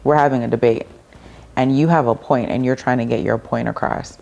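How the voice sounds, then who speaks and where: A woman's voice: rumbling low, fairly even intonation, brisk, vocal fry, darkish tone. A woman who is a guest on a conversational podcast, asking probing, pointed questions and affirming often.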